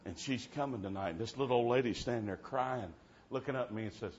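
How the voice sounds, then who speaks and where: Fervent preacher shouting in church. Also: male voice, mid-range voice, fast talker. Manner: fervent, swings from soft to shouting. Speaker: traveling preacher. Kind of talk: revival sermon storytelling. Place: church service. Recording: dull muffled sound with faint background hiss.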